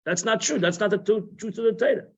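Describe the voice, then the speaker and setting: High-voiced man teaching a Torah class. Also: quick pace, slightly rough. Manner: conversational, repeats phrases, sprinkles Hebrew and Yiddish terms. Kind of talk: informal religious lesson. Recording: muffled live-stream audio.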